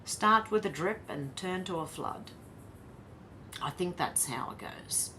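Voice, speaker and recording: A woman's voice: on the low side, slow, background noise. An Australian woman hosting a casual livestream, talking in a tired, wry way and reading out chat comments. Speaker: livestream host.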